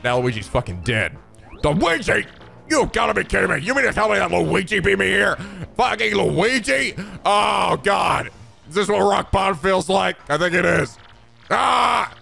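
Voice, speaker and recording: A blustering villain king with a gravelly, raspy snarl and a high, bright, strained edge, as a man puts him on. He shouts and boasts, loud and full of himself, like a video game bad guy. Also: very animated, moderate pace, faint music behind, exaggerated voice. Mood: despairing. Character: gloating, blustering male king of turtles. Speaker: let's player voicing a character.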